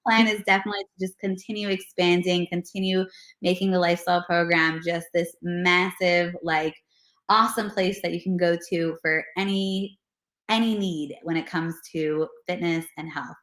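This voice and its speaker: A pregnant personal trainer talks in a video interview with a fairly low-pitched voice at normal speed, in an echoey room. She's casual, earnest, and animated, using lots of "like" and "you know".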